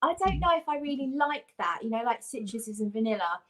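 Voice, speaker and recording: A woman's voice: on the high side, sing-song, a little fast, fairly bright tone. A woman from Britain, a guest on a livestream, chatting casually and enthusiastically about fragrances. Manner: chatty, gushing about scents. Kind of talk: casual chat.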